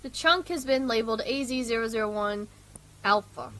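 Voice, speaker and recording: Young woman, streamer, bright tense voice, slightly high, rambling, self-deprecating, eating while talking. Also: normal speed, a little hiss or hum. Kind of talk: casual horror game stream, reading on-screen text.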